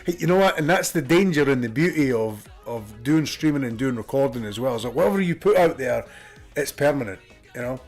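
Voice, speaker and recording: Scottish guy streaming, rambly chat, reads comments out loud, mid pitch, a bit of music in the back. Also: lively intonation, fairly quick. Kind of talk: casual chat with viewers.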